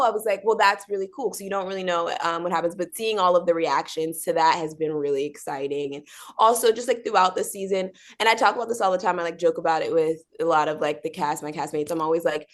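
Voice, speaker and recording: A woman's voice: on the low side, lively intonation, fast. A young woman answering interview questions in a bubbly, chatty way, with many fillers and acted-out quotes. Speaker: actor being interviewed.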